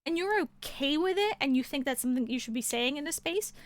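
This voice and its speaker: A woman on a home livestream, heated and blunt, swearing freely as she talks. Her voice is very high. The sound is dry and close, with no room echo. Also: animated, brisk. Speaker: streamer co-host. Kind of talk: casual political chat.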